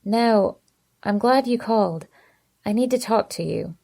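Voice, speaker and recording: A woman reading an audiobook, voicing a tired young boyfriend who speaks softly and apologetically in a hushed, low voice. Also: unhurried, gravelly. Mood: tired, apologetic.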